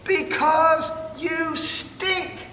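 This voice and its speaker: A man's voice: sits high, sing-song, takes it slowly, heavily acted. A man reading aloud, voicing a big fluffy female bear who keeps insisting and nagging. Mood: insistent. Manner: raised, insistent storybook voice. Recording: distant, echoey room with noise.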